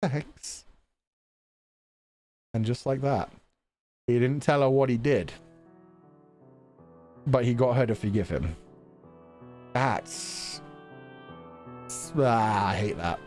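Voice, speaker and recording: A man's voice: mid-range voice, slow pace, long pauses, soft background music. A man streaming a game, commenting casually with exasperated, profane rants. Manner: exasperated, profane, animated ranting.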